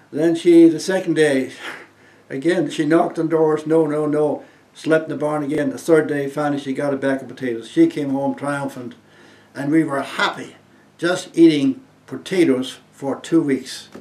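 A man in his eighties from Germany, giving an earnest inspirational testimony as a guest speaker and swinging between loud emphasis and soft hushed phrases. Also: fairly high pitch, steady tone, normal speed, reverberant.

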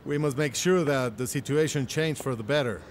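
A man's voice: medium pitch, brisk, slight background noise, natural voice. A man voicing a formal, official child-services inspector in a dubbed film drama.

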